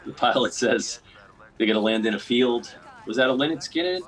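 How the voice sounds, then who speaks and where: A man hosting a podcast, recapping a film in casual chat, rambling and acting out quotes in quick bursts. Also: mid-range voice, fairly bright tone, low-quality recording. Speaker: podcast host.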